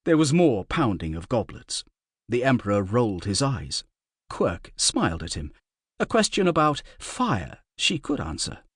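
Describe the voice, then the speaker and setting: A man narrating a fantasy audiobook in a wry, measured storytelling manner. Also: fairly low pitch, big pitch swings, fairly bright tone, slightly rough, no echo, clean studio sound.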